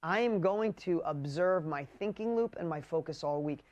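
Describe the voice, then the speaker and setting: A man coaching a live online group in an emphatic, punchy way, swearing casually and swinging between loud urging and quiet intensity. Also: a little high, normal speed, lo-fi sound. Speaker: business coach. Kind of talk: motivational coaching livestream.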